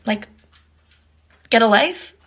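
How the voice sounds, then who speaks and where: A woman's voice: on the high side, animated, slow pace, fairly bright tone, a little hiss or hum. A woman ranting in an exasperated, sarcastic tone in a casual social media video. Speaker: content creator.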